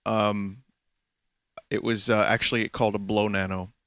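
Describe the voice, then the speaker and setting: A man's voice: on the low side, little pitch movement, moderate pace, fairly bright tone, smooth, no room sound, clean studio sound. A man streaming a game, chatting casually with a loose, profane manner and frequent laughter.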